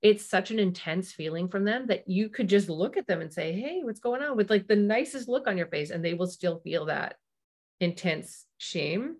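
A woman's voice: fairly low pitch, moderate pace, a little mellow. A middle-aged woman hosting a parenting podcast, talking through advice in a chatty way, with asides and little acted-out quotes. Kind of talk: casual advice talk.

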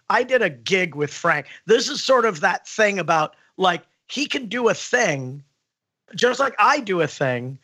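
A man voice actor telling stories in casual podcast chat, with a distinctive prickly voice and animated asides. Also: high voice. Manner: animated storyteller, quick asides.

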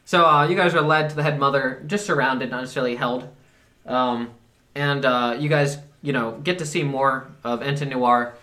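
A man's voice: mid-range voice, fairly even intonation, moderate pace, bright, forceful tone. A man narrating a tabletop game as game master, hesitant with many fillers.

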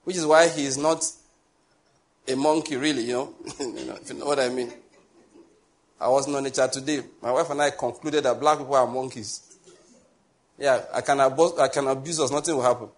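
A man with a Nigerian accent preaching a sermon as pastor, joking and digressing, then slowing down to spell out his points one by one. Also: medium pitch, fairly even intonation. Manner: joking, digressive, laughs often between points; slow, spelled-out teaching with lists.

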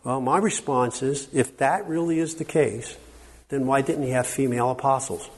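A man's voice: medium pitch, moderate pace, slightly rough. A man giving a workshop lecture in a conversational, emphatic way, often checking in with the audience. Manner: conversational, frequent "okay?" check-ins, emphatic. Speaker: workshop speaker. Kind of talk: conference lecture.

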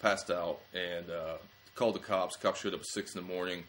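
A young adult man, a comedian, telling rambling self-mocking stories in casual podcast chat, acting out quick quotes. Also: low voice, fairly even intonation, fairly bright tone, slight background noise. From small-town Ohio. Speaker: comedian guest.

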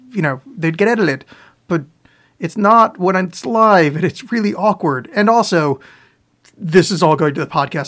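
A man's voice: on the high side, a bit bright. A man hosting a podcast live, answering listener questions in loose, profane, self-mocking chat, with a sore throat. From US East Coast. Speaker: podcast host. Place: home, live on video stream.

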